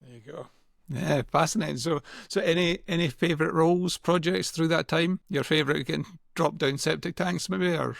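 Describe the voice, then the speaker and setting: A man's voice: a little high, normal speed, vocal fry, no echo, clean studio sound. A man hosting a podcast interview, prompting his guest with short follow-up questions. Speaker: podcast host. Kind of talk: casual interview.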